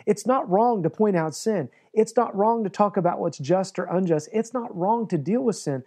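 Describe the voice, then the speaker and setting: A male pastor gives an earnest sermon. His voice sits a little high but sounds mellow and dark. Now and then he acts out the words of biblical figures. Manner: earnest preaching, acts out voices of God and Joshua.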